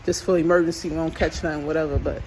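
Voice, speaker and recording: In this relaxed walking vlog, a man hikes a park trail and talks quickly in a fairly high voice against background noise. He rambles, circles back over the same points, uses "like" frequently, and sounds slightly breathless going uphill.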